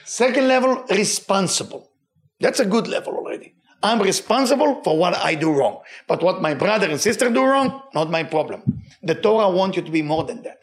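Here a man delivers a weekly Torah lesson at a normal pace, his non-native accent easy to hear. He stays animated throughout, varying his pitch dramatically and repeating for emphasis.

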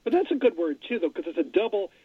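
A man's voice: high-pitched, very animated, quick pace, husky, dry recording. A man speaking as a guest on a radio show, thinking aloud hesitantly. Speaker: studio guest. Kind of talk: casual radio chat. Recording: thin phone-like radio sound.

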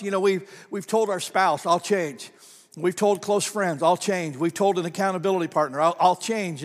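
High-voiced man preaching in a reverberant hall. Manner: conversational storytelling with laughs and repeated phrases. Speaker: pastor. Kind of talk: sermon.

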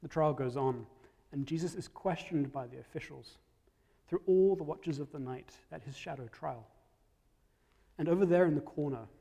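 A man preaching a storytelling sermon, reflective, dropping to soft tones at key moments. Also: fairly high pitch, gravelly, slightly rough, long reverb tail.

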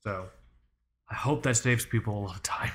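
A man's voice: fairly low pitch, normal speed. A man hosting a casual watch podcast, rambling and cursing, with a lot of "like" and "you know.". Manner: rambling and swearing, heavy use of "like" and "you know". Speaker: podcast host and Soviet watch expert.

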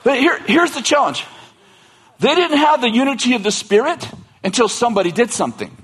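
Husky high-voiced joking preacher man. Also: a little fast. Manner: animated, joking, laughs often between lines; colloquial, restarts and asides. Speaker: pastor. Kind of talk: storytelling sermon.

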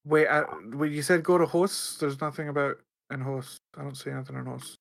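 A man co-hosting a gaming podcast, chatting casually and quickly, often laughing. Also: medium pitch, fairly even intonation, gravelly, fairly bright tone. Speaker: podcast co-host.

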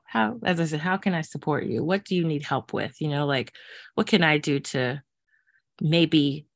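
A woman's voice: low-pitched, a bit bright, no room sound, studio quality. A woman co-hosting a podcast in casual chat, talking in a chatty way with lots of fillers and frequent laughs. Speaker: podcast co-host.

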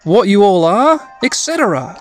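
A studious boy computer whiz, earnest and analytical, with his pitch lifted, as a man voices him. Faint music sits behind him. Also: big pitch swings, normal speed. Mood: keen.

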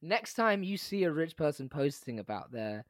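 A man co-hosting a comedy podcast, quick with quips and laughing often. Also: a little high, sing-song, no room sound, clean studio sound. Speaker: podcast co-host.

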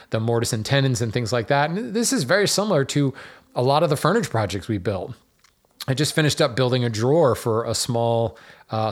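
Chatty man hosting a woodworking podcast. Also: medium pitch. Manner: chatty and digressive, with fillers and self-deprecating asides. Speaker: podcast host. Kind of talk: casual solo podcast talk.

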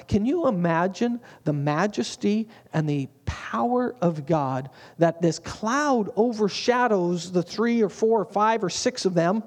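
A man's voice: sits high, animated, unhurried, hardly any pauses. A man preaching a sermon as a pastor, in a humorous, conversational way.

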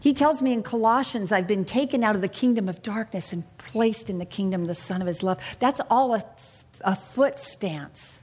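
A woman's voice: mid-range voice, moderate pace, darkish tone. Earnest woman teaching a Bible class. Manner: earnest and confiding, asks the room questions. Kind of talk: informal Bible teaching to a group.

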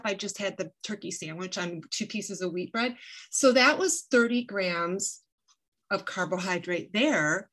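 A woman presenting a nutrition webinar from home, explaining with everyday analogies in a chatty, conversational way. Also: a little high. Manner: conversational, uses "like" and "right?". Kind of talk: educational webinar talk.

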